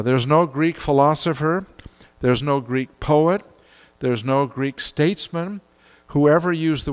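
A man's voice: mid-range voice, in a large hall. A preacher, an older man, giving a sermon in a folksy, chuckling way with many fillers. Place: church.

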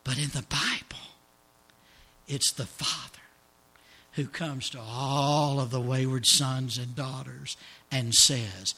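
A man pastor preaching a sermon in a church service, telling a story dramatically and dropping to hushed tones for emphasis. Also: mid-range voice, steady tone, takes it slowly, long pauses, breathy edge.

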